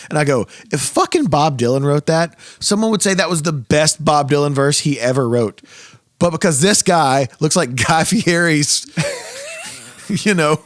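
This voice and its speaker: A man hosting a podcast in casual chat, animated and laughing with quick asides. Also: fairly high pitch, no room sound, studio quality. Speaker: podcast host.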